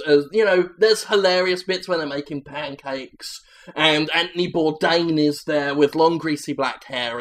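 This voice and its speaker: Comedy host, male, slightly high voice, rambling deadpan improv delivery. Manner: rambling, deadpan absurd pitch meeting.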